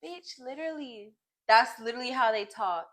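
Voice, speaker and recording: A woman's voice: on the high side, fairly bright tone. A teenage girl co-hosting a casual podcast, stretching her words out in a Valley-girl way. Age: teens. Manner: drawn-out Valley-girl way of speaking. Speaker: podcast co-host. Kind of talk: casual chat.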